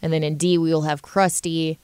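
A woman's voice: low voice, flat delivery, brisk, a little mellow, smooth, dry recording. A woman co-hosting a podcast, chatting casually and steering the group discussion with laughs. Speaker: podcast co-host.

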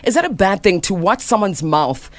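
A woman's voice: medium pitch, very animated, normal speed, no echo. A woman from South Africa co-hosting a morning radio show, chatty and playful. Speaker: radio co-host. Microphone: studio microphone.

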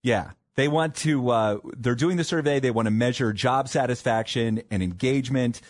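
A man hosting a radio morning show, bantering with his co-host. He talks in a relaxed, joking way, with a mid-range voice and loose, wandering asides. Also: mid-range voice, normal speed. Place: radio studio.

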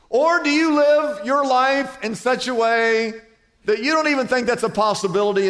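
A middle-aged male pastor delivering a sermon with a high-pitched voice. He tells stories with lively storytelling energy. His voice rings out with a long reverb, as in a large church sanctuary. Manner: storytelling preacher, animated retelling.

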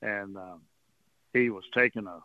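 Calling in over a tinny phone line, a man from the Texas coast guests on a radio show, spinning folksy, rambling stories and chuckling often. His voice is lowish and unhurried, with no room sound around it.

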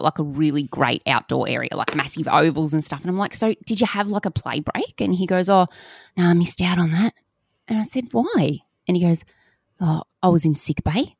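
A woman's voice: lowish voice, no echo. A woman in her forties co-hosting a podcast, telling stories in a dry, wry way. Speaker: podcast co-host. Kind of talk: casual chat.

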